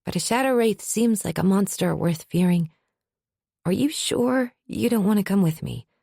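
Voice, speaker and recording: A woman's voice: mid-range voice, expressive, normal speed, vocal fry, mellow, no echo, studio quality. A woman voicing an earnest young village girl who chatters eagerly.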